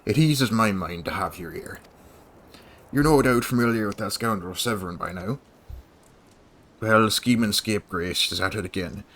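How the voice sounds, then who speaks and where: A man voicing a gruff older male settlement elder in a game, reading in a put-on old-fashioned accent with dramatic flair. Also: on the low side, moderate pace, long pauses, a bit bright. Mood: concerned.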